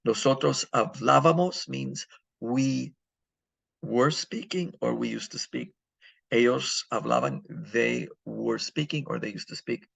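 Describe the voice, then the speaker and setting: Guy teaching grammar, super gravelly husky voice, walks thru it step by step asking himself questions. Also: mid-range voice, unhurried, fairly bright tone, no room sound. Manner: explains step by step, poses and answers his own questions. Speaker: Spanish teacher. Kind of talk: recorded grammar lesson.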